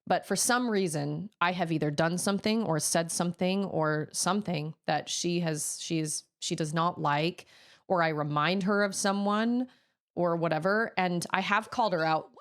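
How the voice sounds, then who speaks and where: A woman's voice: fairly low pitch, normal speed. An adult woman game streamer in casual chat, frankly venting about a frustrating week.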